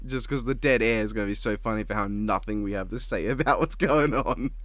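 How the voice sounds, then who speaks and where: Low-voiced laid-back man, dry sound. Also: brisk, fairly bright tone, no echo. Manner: laid-back, rambling, giggly. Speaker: channel host. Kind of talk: casual reaction chat.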